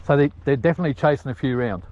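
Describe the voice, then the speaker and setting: Out on a hillside, a man who is filming his ferreting hunt talks rapid-fire at medium pitch, chatting with his dogs and ferrets and calling out to them. He's sweaty from climbing the hills. Highs are cut off, and there's slight background noise.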